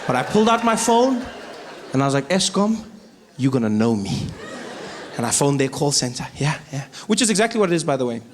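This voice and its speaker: Animated South African stand-up comedian. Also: male voice, fast talker, a little hiss or hum. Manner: animated, acts out voices, swings from loud to low. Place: large arena on stage.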